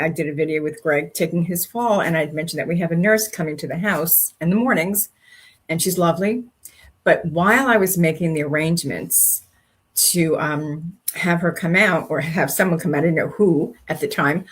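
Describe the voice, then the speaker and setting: Husky-voiced older woman telling stories. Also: fairly low pitch. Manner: animated storyteller, acts out quoted speech. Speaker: co-host. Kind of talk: faith-based casual chat.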